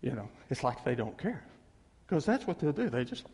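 Animated preacher in a reverberant hall. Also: male voice, medium pitch, moderate pace, slightly rough. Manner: animated, emphatic, acts out quotes. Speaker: pastor. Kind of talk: sermon. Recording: long reverb of a big hall.

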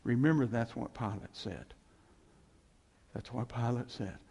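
Man, pastor sermon, slow unhurried delivery, gravelly fry, long hall reverb. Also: medium pitch, warm tone. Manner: emphatic, repetitive, chuckling asides.

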